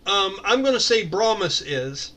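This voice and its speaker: A man's voice: high voice, very animated, measured pace, bright, forceful tone. A man serving as game master, narrating a tabletop game from home in a chatty, filler-heavy way.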